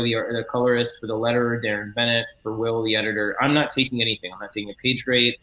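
A middle-aged man with a bright, forward tone, talking at a middling pitch in a relaxed interview. He is a comic book writer who explains things at length, earnest and eager, often restarting and correcting his phrasing as he goes. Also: rough recording. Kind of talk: casual interview talk.

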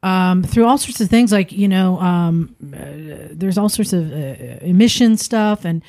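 A woman hosting a casual panel chat, steering the talk briskly. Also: mid-range voice, mellow, no room sound, studio quality. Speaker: podcast host.

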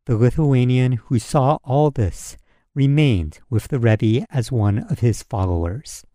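A man reading a folk story aloud in a measured, solemn storytelling manner. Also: medium pitch, warm tone, dry recording, clean studio sound.

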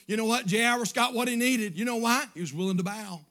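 Male pastor, very high and piercing voice, fervent sermon that swings between shouts and hushed lines. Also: a little fast. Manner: preaches in rising, shouted bursts, then drops low and quiet; acts out prayers and quotes in a pleading voice.

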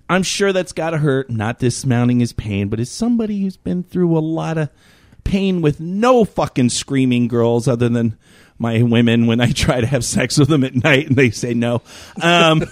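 A man's voice: mid-range voice, moderate pace, dry recording, clean studio sound. A man in his fifties telling a long, profane, rambling story as a regular on a talk show. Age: 50s. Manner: animated, profane, rambling with many fillers.

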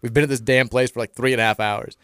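A man's voice: mid-range voice, steady tone, fast talker, a bit bright, clear, resonant tone, dry recording. Man with a faint Southern accent, dry sound. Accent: Southern American, subtle. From Kentucky. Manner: rambling storyteller, lots of restarts and "like". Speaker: radio co-host. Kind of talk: casual chat.

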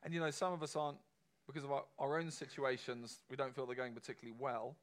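A man's voice: medium pitch, little pitch movement, fast. A man preaching a sermon to a congregation in a conversational, emphatic way, often asking the room questions.

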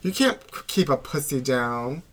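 A man's voice: mid-range voice, lively intonation, moderate pace, fairly bright tone. A man co-hosting a casual comedic podcast, sassy and dramatic, recorded in a small closet studio. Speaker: podcast co-host.

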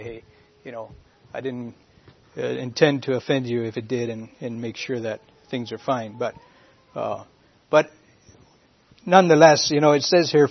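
A man giving an informal church teaching in a halting way, often pausing and searching for words. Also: mid-range voice. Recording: dull lo-fi recording.

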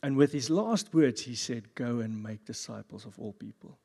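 A man pastor giving a sermon at a church service, with jokey, animated asides. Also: mid-range voice, moderate pace, gravelly, breathy edge. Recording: long reverb of a church hall.

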